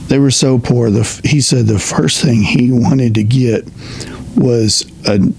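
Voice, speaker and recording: Earnest middle-aged man, halting talk. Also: medium pitch, vocal fry, a little mellow, husky, no room sound. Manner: earnest, halting storyteller with many restarts and fillers. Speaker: retired veterans service representative. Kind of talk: personal opinion monologue.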